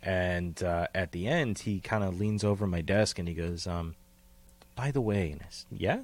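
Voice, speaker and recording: A man's voice: low voice, normal speed. A man co-hosting a casual podcast, rambling and profane, often trailing into tangents and laughing at himself. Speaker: podcast co-host.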